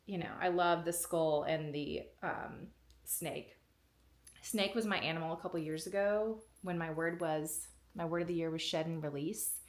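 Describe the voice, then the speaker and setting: A woman vlogger unboxing a package in a casual, excited way, gushing and close to tears. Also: lowish voice, moderate pace.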